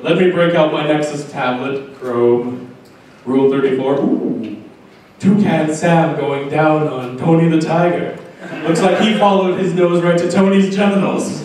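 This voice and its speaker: A young Canadian man performing a crude, self-mocking stand-up comedy set at a convention, with filler pauses between punchlines. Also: a little high, crowd noise. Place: convention hotel function room with live audience. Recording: very echoey, distant camcorder sound with faint room noise.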